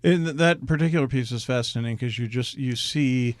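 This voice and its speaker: A man's voice: medium pitch, fairly quick, no echo. A male radio host with a mid-range voice, chatting with guests in a studio. He talks with open enthusiasm, in a loose, conversational way. The sound is dry and close. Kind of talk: radio interview.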